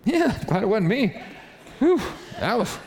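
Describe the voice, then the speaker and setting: A man voicing a carefree grazing animal on the savanna that shrugs off danger, in high, flippant, relieved chatter. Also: big pitch swings, a little slow, darkish tone, heavily acted. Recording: long hall reverb.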